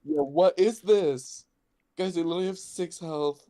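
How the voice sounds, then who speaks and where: A man's voice: sits high, moderate pace, warm tone, dry recording. A man playing a tabletop game over a video call, hesitant and nervous about his rolls. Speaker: player.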